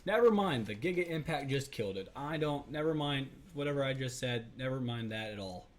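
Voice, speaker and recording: A man chatting through his own gameplay at a middle pitch. He rambles, corrects himself mid-sentence and fills the gaps with ums and uhs, all in an easy, casual tone. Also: animated, fairly quick. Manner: rambling, self-correcting, many fillers. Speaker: let's play host.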